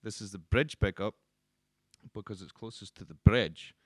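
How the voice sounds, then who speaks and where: A man who works as a guitar teacher, explaining the instrument in a relaxed, casual way with frequent ums and restarts. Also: on the low side, moderate pace, dry recording, studio quality.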